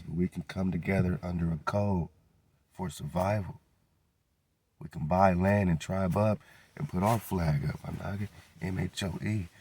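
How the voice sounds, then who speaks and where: A man's voice: deep voice, gravelly, warm tone, breathy edge, no echo. A man hosting his own radio show, talking in a preachy, hyped way, throwing "man" into nearly every line. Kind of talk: casual monologue with promo plugs.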